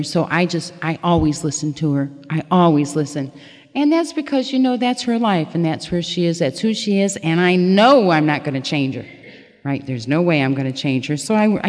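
Middle-aged woman, low-ish voice, candid personal testimony, laughs at herself, reverberant hall sound. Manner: candid, laughing, self-mocking storytelling. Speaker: recovery meeting speaker.

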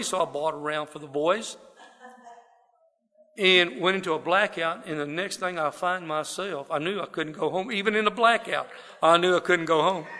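A man with a Southern drawl from South Texas rambles through his life story in a folksy testimony talk loaded with fillers. His voice is on the high side, bright and forceful, with a big-room sound, addressing a gathered audience inside a wooden building.

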